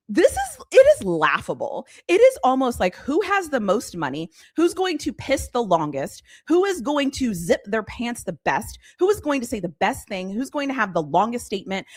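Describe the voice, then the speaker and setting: Woman host, blunt sarcastic live-stream ranter, lively pitch. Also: no echo, studio quality. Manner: animated, exasperated, blunt, sarcastic. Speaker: sports commentary host. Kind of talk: casual live-stream rant.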